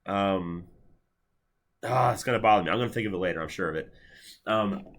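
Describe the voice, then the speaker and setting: A man's voice: low-pitched, brisk, creaky, a bit bright. A man in his thirties giving a university lecture in a lecture hall, talking casually with many fillers and restarts. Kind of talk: classroom lecture.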